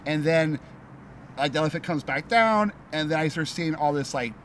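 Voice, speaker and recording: A man's voice: fairly high pitch, normal speed, a little hiss or hum. Rambling man telling a wild story. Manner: rambling, swearing, many likes. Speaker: podcast guest. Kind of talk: casual storytelling.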